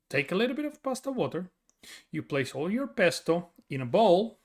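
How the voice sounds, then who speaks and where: Italian male streamer, tired, chatty and rambling, slightly high voice. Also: fairly bright tone. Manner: chatty, explains with many fillers and restarts. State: tired from little sleep. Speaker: streamer answering chat. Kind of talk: casual chat reading viewer questions.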